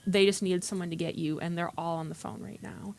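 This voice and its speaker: A woman's voice: on the low side, steady tone, a little fast, darkish tone. A woman earnestly telling a personal story in a meeting room, acting out past conversations in quotes. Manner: earnest, recounts dialogue in quotes. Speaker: workshop participant.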